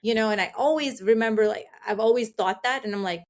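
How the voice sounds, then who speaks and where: A woman's voice: fairly high pitch, quick pace, hardly any pauses. A middle-aged woman, a podcast guest, talking candidly and reflectively in a casual interview, often saying "like". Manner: candid, reflective, fillers of "like", acts out her own past thoughts.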